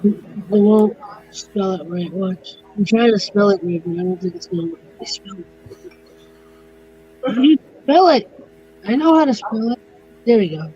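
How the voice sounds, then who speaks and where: Female panelist on a call, relaxed and chatty, dull audio with faint music. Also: medium pitch, moderate pace, long pauses. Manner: relaxed, laughing, thinking aloud. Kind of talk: casual livestream chat.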